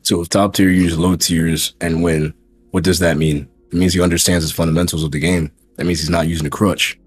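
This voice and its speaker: A man's voice: low-pitched, flat delivery, a little fast, slightly rough. A male streamer in casual chat, emphatic and profane, hammering his point with repeated rhetorical questions. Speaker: streamer and host.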